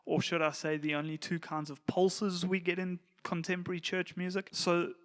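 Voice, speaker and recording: A man's voice: high-pitched, moderate pace. Easygoing man teaching church musicians. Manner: relaxed, plain-spoken, breaks into counting aloud. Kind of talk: casual instructional talk.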